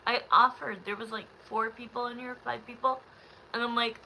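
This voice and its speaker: A woman reads tarot on a casual live stream, talking straight to her chat in a loose, rambling way. Her voice is bright and a little tense, and she sounds frustrated and near tears. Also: fairly high pitch, steady tone, normal speed, creaky, slight background noise, low-quality recording.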